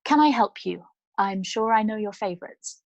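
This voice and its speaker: A woman reading the part of a bold young female chocolatier, speaking brightly and with false sweetness. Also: medium pitch, normal speed, no echo, highs cut off, lightly acted. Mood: innocent.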